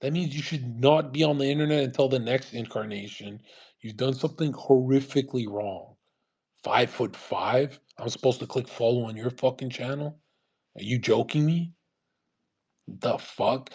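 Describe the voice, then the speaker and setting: A man's voice: medium pitch, moderate pace, darkish tone, slightly rough. A man ranting in a live audio chat, profane and aggressive, scornful, hammering the same point again and again. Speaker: online streamer.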